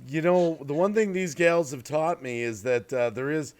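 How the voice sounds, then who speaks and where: A man's voice: fairly high pitch, moderate pace, a crowd in the background. A man hosting a livestream, chatting casually on a video call, laughing easily and repeating himself. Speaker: livestream host.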